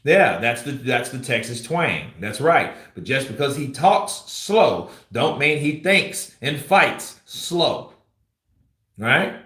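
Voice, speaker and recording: A man's voice: mid-range voice, very animated, takes it slowly, fairly bright tone. A man giving casual commentary on a boxing channel, rambling and blunt with lots of fillers. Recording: roomy echo.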